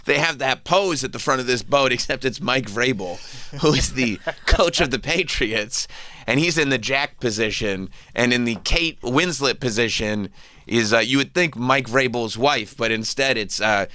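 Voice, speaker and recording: Bright-voiced man hosting radio talk. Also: normal speed. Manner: rambling, jokey, breaks into high-pitched mocking impressions. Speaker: radio show host. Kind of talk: casual sports talk chat.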